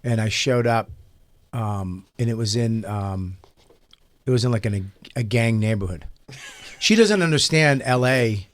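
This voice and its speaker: Animated man telling comic stories. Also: mid-range voice, no room sound. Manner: animated storyteller, quick laughs. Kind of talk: casual comedic chat.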